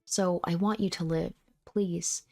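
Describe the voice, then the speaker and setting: A woman reading the lines of a gentle, earnest young man in a soft voice from a visual novel. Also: on the low side, steady tone, a little slow, creaky. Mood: tender.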